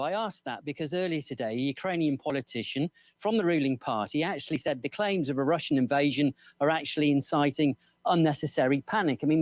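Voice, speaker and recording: A news interviewer putting steady, probing questions to a guest. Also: mid-range voice, dry recording.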